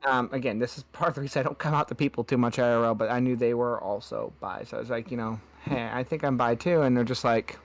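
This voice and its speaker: A woman's voice: rumbling low, fairly even intonation, fast, few pauses, soft background music. Joking, teasing woman on a stream. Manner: joking, teasing, tells jokes with quoted voices. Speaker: streamer guest. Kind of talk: casual stream chat.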